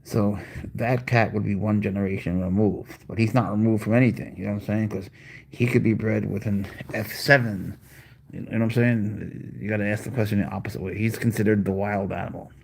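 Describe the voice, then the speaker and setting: A man's voice: on the low side, fairly even intonation, fairly quick, creaky, darkish tone, breathy edge. A man hosting a live stream about his pet, chatting casually and rambling through answers to viewers' questions.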